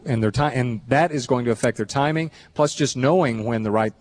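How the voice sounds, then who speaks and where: A man's voice: mid-range voice, dry recording. Thoughtful male host of a live show. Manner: thoughtful, halting, many restarts.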